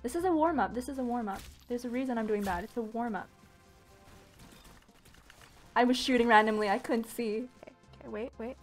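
An excitable woman with a fairly high voice commentating her own gameplay live from a home setup. She shrieks, exclaims and makes little gun noises between rambling asides. Faint game music plays softly behind her. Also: brisk, long pauses. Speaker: gaming YouTuber.

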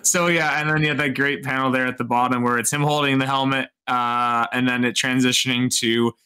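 A man's voice: mid-range voice, flat delivery, brisk, pushed and bright, clear, resonant tone. A man co-hosting a casual chat about comics, rambling with many restarts. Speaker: co-host reviewing comics.

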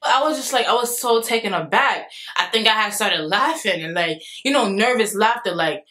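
A young adult woman talking in a casual storytime vlog, dramatic and animated, laughing things off and acting out what people said. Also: medium pitch, brisk, few pauses. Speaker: vlogger.

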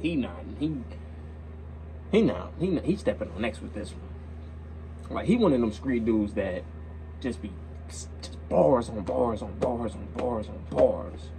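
Lively young man reacting, slangy and animated. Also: medium pitch, a little slow, creaky, long pauses, background noise. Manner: animated, slangy, repeats himself. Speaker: reaction video host. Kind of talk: casual reaction commentary.

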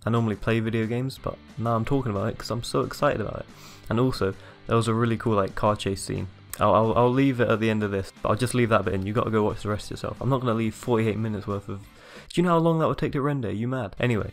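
A man's voice: lowish voice, steady tone, fast, hardly any pauses, faint music behind. A man casually retelling a game demo in an upbeat, rambling way, filled with acted-out quotes. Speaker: gaming YouTuber. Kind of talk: excited casual commentary.

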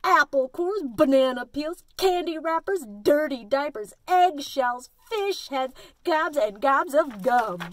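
A woman reading a picture book aloud and voicing a boastful, hungry garbage truck that talks in bold, drawn-out lines. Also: high-pitched, animated, no echo. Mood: boastful, gleeful.

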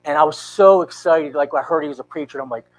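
A man in his fifties, a pastor, telling an emotional personal story in a church sermon with earnest, halting restarts. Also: on the high side, low-quality recording. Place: church sanctuary.

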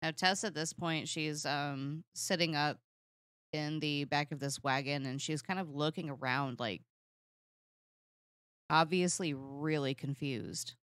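Low, smooth-voiced woman player. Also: fairly bright tone, no room sound, clean studio sound. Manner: measured and hesitant, with fillers. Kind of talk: describing her character's actions in a tabletop game.

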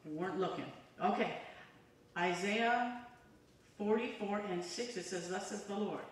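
A woman's voice: medium pitch, unhurried, a little hiss or hum. Woman preaching in an echoey church. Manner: fervent, conversational preaching with call-and-response. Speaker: evangelist. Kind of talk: sermon. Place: church sanctuary. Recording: echoey church hall from far off.

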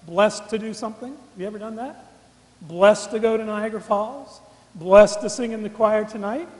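A middle-aged man gives a sermon as a college chaplain, often turning questions to his listeners. His voice sits high for a man. The sound rings out in a large, echoing chapel. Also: darkish tone. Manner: interactive, asks the congregation questions. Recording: echoey chapel with long reverb.

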